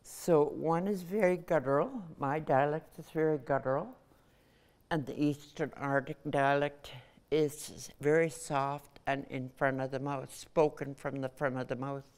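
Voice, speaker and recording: Slow low-voiced older woman. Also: steady tone, darkish tone. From Nunavut, Canada. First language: Inuktitut. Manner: measured, pausing between phrases. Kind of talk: personal recollection.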